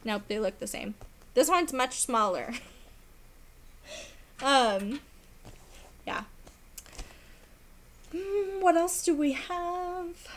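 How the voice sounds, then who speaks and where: A rambling, chatty young woman talks to her camera at home in a fairly high voice. She fills her speech with ums and little laughs, and her voice is wearing thin as if she's losing it. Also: extremely slow, pauses often, slight background noise. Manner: chatty, rambling, laughs often, many fillers. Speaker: cross stitch vlogger. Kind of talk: casual chat.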